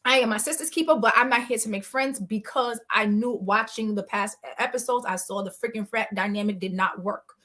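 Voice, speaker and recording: A woman guest telling a story in an animated, blunt way. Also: on the high side, a little fast, hardly any pauses. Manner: blunt and emphatic, acts out quoted exchanges.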